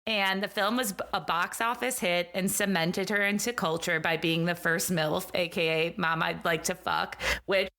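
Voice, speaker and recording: A woman's voice: fairly low pitch, fairly even intonation, moderate pace, few pauses, sharp tone. A woman co-hosting a podcast, chatting casually with lots of filler words. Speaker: podcast co-host. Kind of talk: casual chat.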